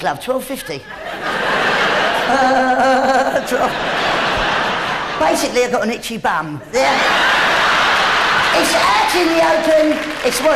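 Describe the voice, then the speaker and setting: High-voiced stand-up comic. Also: male voice, heavy background noise. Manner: rambling, teasing the audience. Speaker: comedian. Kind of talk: live stand-up comedy. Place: theatre stage. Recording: live theatre, loud crowd laughter.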